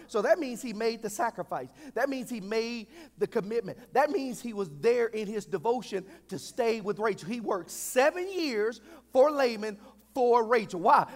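A man's voice: extremely high pitch, expressive, moderate pace. A male pastor delivering a humorous sermon, calling out for the congregation to answer back. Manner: humorous, call-and-response preaching. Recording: echoey hall.

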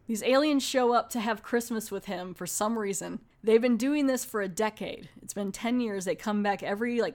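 A woman casually reviewing a horror anthology film, retelling scenes in a chatty way with quoted lines. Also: medium pitch. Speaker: movie reviewer.

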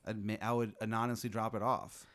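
A man's voice: fairly low pitch, flat delivery, fast talker, a bit bright. A man talking as a podcast guest, playfully going along with a hypothetical and swearing freely. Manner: playful, profane, plays along. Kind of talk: casual chat.

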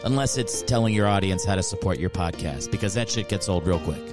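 A man's voice: low voice, fast, music in the background. A man hosting his own podcast, ranting casually with profanity and self-mocking asides. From Philadelphia area. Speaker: podcast host. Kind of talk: casual solo podcast rant.

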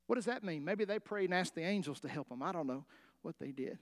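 A man preaching with a high-pitched voice. He is animated, acts out the story with little voices, and keeps asking the congregation questions. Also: a little fast. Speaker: pastor. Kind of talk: sermon.

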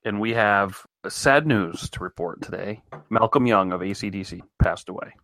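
A man co-hosting a podcast, chatting casually with dry, deadpan jokes. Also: lowish voice, moderate pace. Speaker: podcast co-host. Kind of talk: casual chat.

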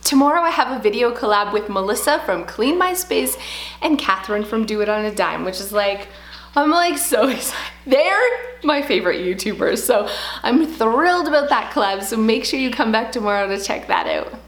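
A woman's voice: on the high side, moderate pace. Chatty woman vlogger in an echoey room. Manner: chatty, animated storytelling with laughs. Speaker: home decor YouTuber. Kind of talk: casual vlog chat.

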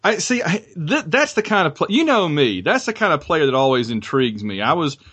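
A man's voice: on the high side, big pitch swings, brisk, pushed and bright, husky. Chatty man. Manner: rambling, chatty, with restarts. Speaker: podcast host. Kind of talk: casual sports chat.

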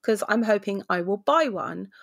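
A woman's voice: medium pitch, animated, moderate pace, gravelly, fairly bright tone, slight background noise. A woman co-hosting a podcast in casual chat, playful and laughing often. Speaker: podcast co-host.

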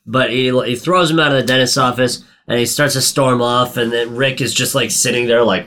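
A man in loose casual chat with a bright, forceful voice. He rambles and swears freely, and jumps into acting out the scenes he describes. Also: mid-range voice, steady tone. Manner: profane, rambling, quick to act out lines. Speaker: podcast co-host recapping a movie.

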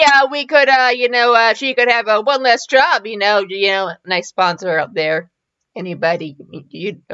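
Giggly, high-voiced woman podcast host. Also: pushed and bright, dry recording, muffled recording. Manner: giggly, rambling, self-mocking asides. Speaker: podcast host reading fanfiction. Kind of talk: comedic commentary and story reading.

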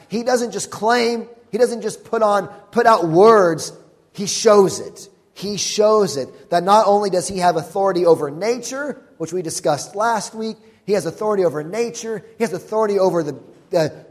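A man's voice: a little high, big-room sound. A man, a pastor, preaching a sermon with emphatic, repeated phrases. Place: church sanctuary.

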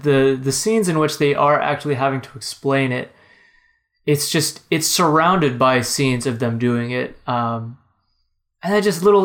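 Rambling man reviewing a film. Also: medium pitch. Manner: enthusiastic, rambling with restarts and fillers. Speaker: film podcast co-host. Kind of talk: casual film review chat.

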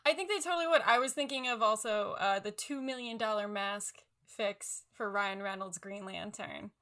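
A young woman co-hosting a podcast, chatting in an animated, lively way about films. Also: medium pitch, normal speed. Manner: animated, laughs often. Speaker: podcast co-host. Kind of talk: casual film chat.

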